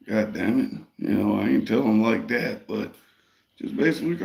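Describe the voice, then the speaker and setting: A deep, gravelly man tells a long story in a loose, profane, streetwise way. His voice rings a little in an echoey room. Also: expressive, moderate pace. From Detroit, Michigan. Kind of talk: casual storytelling.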